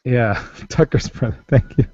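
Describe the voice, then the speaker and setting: A man's voice: mid-range voice, moderate pace, warm tone. A man co-hosting a podcast in casual chat, enthusiastic and jokey, swearing freely. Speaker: podcast co-host. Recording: dry, slightly muffled lo-fi audio.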